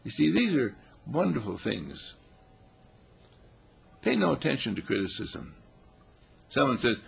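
A man giving a playful, animated spiritual talk, now and then putting on animal voices. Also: fairly low pitch, a little slow, long pauses. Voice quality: gravelly, husky.

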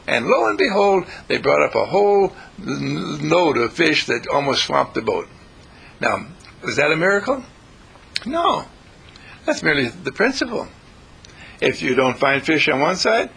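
Guy preaching feel-good spiritual stuff, gravelly and kinda high, swings all over the place. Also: sharp tone, rough recording. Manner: folksy, repetitive, chuckling preacher. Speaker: spiritual speaker. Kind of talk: inspirational spiritual talk.

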